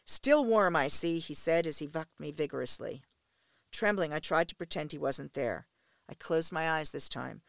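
Gravelly woman reading an erotic story. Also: low voice, normal speed, no room sound. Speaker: audiobook narrator. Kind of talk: first-person erotic story narration.

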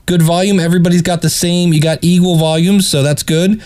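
This man's voice sits a little high as he talks through another show's audio. He is fussy about details, halting and repeating himself, in a relaxed, casual critique. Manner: hesitant, picky, talks in restarts. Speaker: podcast reviewer. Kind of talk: casual critique over playback.

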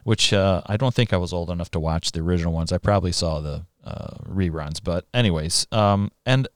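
Smooth, low-voiced male podcast host. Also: brisk, no room sound, studio quality. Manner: easygoing, laughs between remarks. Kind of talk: casual interview chat.

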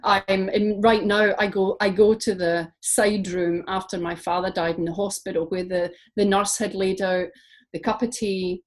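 A woman's voice: mid-range voice, normal speed. Reflective woman poet from Scotland. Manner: reflective, animated storytelling with frequent fillers. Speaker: poet guest. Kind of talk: interview conversation.

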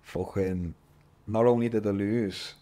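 Scouse guy in his 30s, slightly low voice, animated storyteller, keeps saying lad. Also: a little slow. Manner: animated, swears, says "lad" constantly. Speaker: podcast guest, MMA fighter. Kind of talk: casual storytelling interview.

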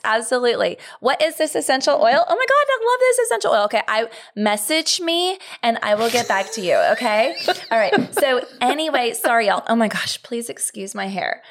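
A woman voicing a gushing woman who hosts a social media live video and keeps breaking off to greet viewers, in a high, bubbly, distracted voice. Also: sing-song, moderate pace, hardly any pauses, a bit bright.

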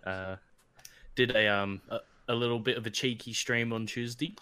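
A man's voice: mid-range voice, fairly even intonation, normal speed, sharp tone, smooth. A man co-hosting a podcast, easygoing and blunt, stammering a little. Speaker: podcast co-host. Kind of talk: casual podcast chat.

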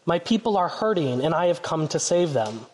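A man's voice: on the high side, sing-song, moderate pace. A man voicing God thundering from a burning bush. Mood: commanding. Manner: loud, commanding, thundering. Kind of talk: storybook reading for children. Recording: reverberant church hall.

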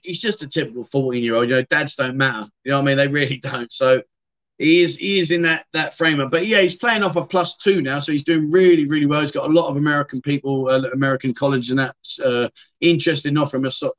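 Hosting a casual livestream, a middle-aged man rambles on while responding to viewers' comments. He speaks briskly in a slightly high, somewhat bright voice.

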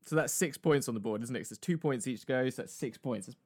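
A man chatting casually as a game player, swearing freely and exclaiming loudly. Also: medium pitch, fast, husky. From England. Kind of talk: casual chat.

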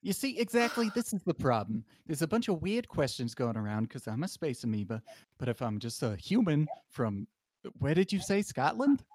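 A man's voice: medium pitch, very animated, moderate pace, a little mellow, no room sound, clean studio sound. Man playing a sheepish space-amoeba captain. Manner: rambling, sheepish, hesitant. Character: male space-amoeba starship captain posing as human. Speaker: improv player and scene runner. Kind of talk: improvised sci-fi role-play.

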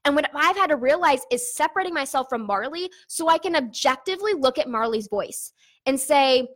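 A young woman with a fairly high voice talks straight to her viewers in a casual vlog. She is candid and chatty, and she peppers her sentences with fillers as she works through personal thoughts on running an online business. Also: expressive, fairly quick, fairly bright tone.

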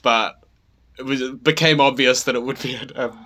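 A man co-hosting a casual chat, telling stories in a halting, rambling way with many restarts. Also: medium pitch, steady tone, bright, forceful tone. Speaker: podcast co-host.

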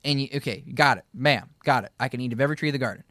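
A man's voice: medium pitch, very fast, fairly bright tone, dry recording, clean studio sound. A man leading a casual Bible study, reading verses aloud and explaining them word by word. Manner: reads scripture aloud, repeats key words, laughs easily. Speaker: Bible teacher.

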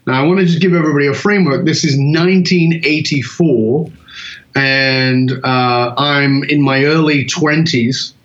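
A British man in his sixties, a guest telling animated stories and acting out the other people in them. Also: medium pitch. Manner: animated anecdotes, acts out quoted voices. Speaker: guest speaker. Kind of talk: storytelling in an interview. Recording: roomy, dull lo-fi audio.

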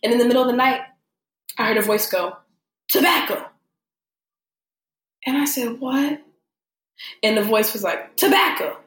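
A woman's voice: fairly high pitch, fairly quick, long pauses, echoey room. A young adult woman telling a story in casual chat, acting out the voices of the people she quotes. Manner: animated, acts out quoted voices. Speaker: podcast guest.

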